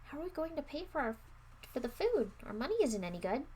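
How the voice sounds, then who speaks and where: A woman voicing a nervous, tearful young boy in a storybook reading, high and pleading. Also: wildly swooping pitch, fairly quick, darkish tone, full character voice, low-quality recording. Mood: anxious.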